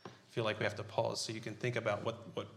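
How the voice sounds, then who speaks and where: A man preaching a sermon. He talks in an unhurried, halting way with frequent fillers and leads a scripture reading. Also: on the low side, level tone, creaky, a little hiss or hum. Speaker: pastor. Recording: roomy echo.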